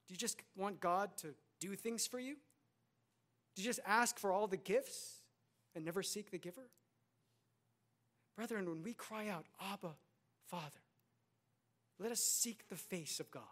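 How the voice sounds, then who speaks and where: A man's voice: high voice, a bit bright. Casting note: man in his thirties, earnest preacher, repeats lines and asks rhetorical questions. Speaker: pastor. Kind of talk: sermon.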